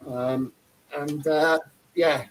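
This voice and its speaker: A man's voice: a little high, fairly even intonation, extremely slow, a little hiss or hum, poor audio. A man hosting a casual live-stream chat, rambling and effusive, with lots of fillers and restarts. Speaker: host.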